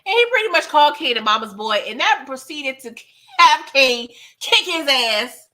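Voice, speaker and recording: A high-pitched woman recaps a TV drama episode in loose, slangy chat, laughing often and throwing in sassy asides. Her voice is bright and sharp, with a teasing, playful bite. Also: expressive, normal speed. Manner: slangy, laughs often, playful sass, acts out quoted dialogue. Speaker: TV recap host.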